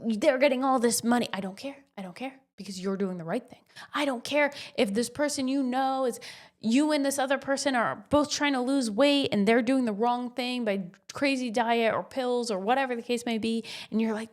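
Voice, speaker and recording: A woman's voice: on the high side, normal speed. A woman in her thirties hosting a casual motivational podcast, blunt and swearing freely with pep-talk energy. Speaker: podcast host.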